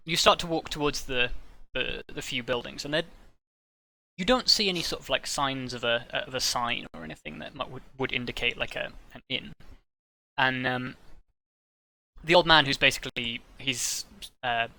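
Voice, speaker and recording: A man narrating a tabletop game as game master, talking in a halting way with many fillers. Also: mid-range voice, vocal fry, bright, forceful tone.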